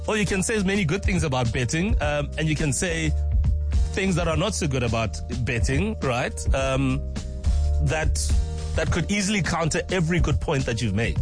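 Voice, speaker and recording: A man's voice: a little high, expressive, moderate pace, music in the background. A man hosting a radio call-in show, talking things through in a reflective, conversational way. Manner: reflective, conversational, weighing both sides. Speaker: radio host.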